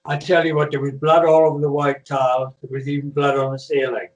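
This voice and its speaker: A man's voice: fairly high pitch, flat delivery, fairly quick, dull audio. Older guy rambling through a story on a video call, echoey room, sounds far from the mic. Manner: rambling, many restarts and fillers. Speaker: interview guest, retired wrestler. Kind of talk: casual storytelling interview.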